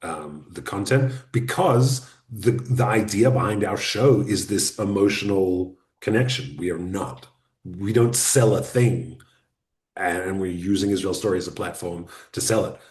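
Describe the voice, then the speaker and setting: A man as guest on an online webinar interview, explaining podcasting in a relaxed, practical way. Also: low-pitched, measured pace, reverberant. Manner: relaxed, explanatory advice-giving.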